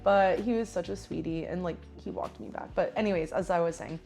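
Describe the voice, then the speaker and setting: A woman's voice: fairly low pitch, fairly quick, vocal fry, mellow, faint music behind. A woman in her twenties telling a casual storytime, chatty, laughing often and saying "like" a lot. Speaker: vlogger.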